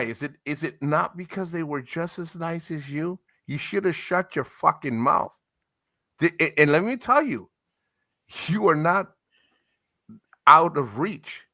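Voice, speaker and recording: A man's voice: a little high, bright, forceful tone. A man ranting angrily at someone, cursing heavily and dragging out words as he heats up. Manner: heated, profane, repeats insults, drawn-out words. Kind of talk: angry profane rant to camera.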